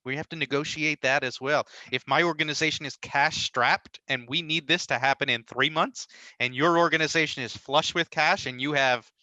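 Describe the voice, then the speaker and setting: A man's voice: a little high, fairly even intonation, normal speed, pushed and bright, dry recording, poor audio. A man explaining nonprofit mergers as an interview guest, confident and explanatory, often checking in with a rhetorical "right?". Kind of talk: conversational interview answers.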